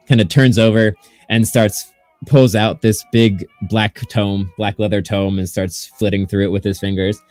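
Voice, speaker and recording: A man acting as game master, narrating a tabletop game in a relaxed way full of fillers. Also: on the low side, unhurried, dry recording, soft background music.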